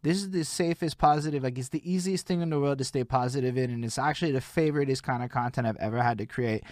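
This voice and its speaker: A man's voice: mid-range voice, quick pace, darkish tone, no echo. Young male host, casual and profane, dry close sound. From Montreal. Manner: swears freely, laid-back slang with "yo". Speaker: interview host. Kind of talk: casual interview chat.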